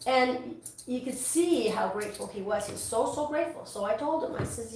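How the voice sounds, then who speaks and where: A talkative woman grooming dogs, rambling with restarts in a fairly high voice. She sits away from the mic in a very echoey salon, with faint noise behind her. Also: lively intonation, normal speed, a little mellow, far from the mic. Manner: rambling, chatty, full of restarts. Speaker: dog groomer. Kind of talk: casual chat while working.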